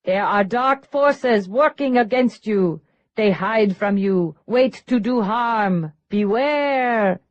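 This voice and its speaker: A woman reading an audiobook, voicing a young woman putting on a deepened spirit-guide voice with a faint accent, slow and solemn. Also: no room sound, muffled recording, lightly acted. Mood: eerie, solemn.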